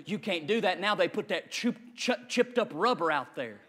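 Fiery high-voiced preacher. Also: male voice, expressive, normal speed. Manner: fiery, rhythmic repetition, shouting peaks. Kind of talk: sermon.

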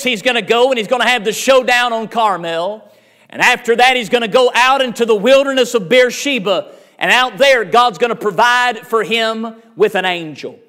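A man with a strikingly high voice preaches to his congregation. He tells the scripture story in a vivid way and drives his points home with an emphatic, repeating cadence. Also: pushed and bright. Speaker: pastor. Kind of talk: sermon.

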